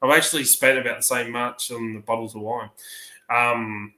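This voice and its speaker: A man's voice: mid-range voice, fairly even intonation, normal speed, sharp tone, reverberant, rough recording. An Australian man chatting casually on a livestream, rambling through a long story and acting out the dialogue. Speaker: livestream panelist. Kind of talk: casual chat.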